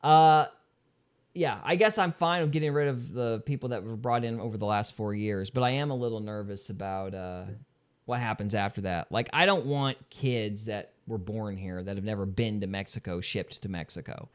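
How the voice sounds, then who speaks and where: A man co-hosting a casual podcast, talking in lively bursts of opinion with laughs between. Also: on the low side, normal speed, smooth. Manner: animated, laughing, ranting in bursts. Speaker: podcast co-host.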